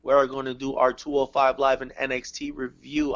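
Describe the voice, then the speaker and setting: Excitable male podcast host, lo-fi sound. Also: mid-range voice, brisk. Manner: excitable, swears and laughs often. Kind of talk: casual wrestling review chat.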